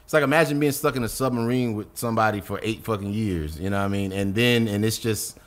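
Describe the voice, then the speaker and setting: A middle-aged man from North Carolina, a guest rapper on a podcast, telling stories in a casual, profane and animated way and acting out quotes. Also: lowish voice, fast. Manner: animated, profane storyteller who acts out quotes.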